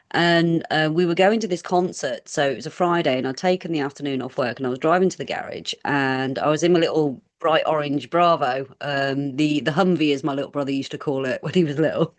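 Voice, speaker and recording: A woman with a fairly low voice tells a story in a rambling, chatty way. She is a podcast guest and acts out quoted lines as she goes. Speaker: guest paranormal researcher. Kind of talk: casual storytelling interview.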